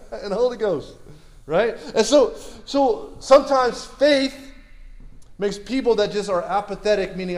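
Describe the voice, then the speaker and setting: A man preaching a sermon in a lively, conversational way, repeating words and asking the crowd questions. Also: sits high, unhurried, roomy sound.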